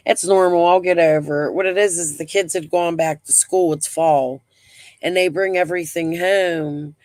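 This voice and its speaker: A woman's voice: lowish voice, steady tone, moderate pace, a little mellow, dry recording. A middle-aged woman hosting a casual live stream. She talks bluntly, rambles, swears freely and breathes heavily.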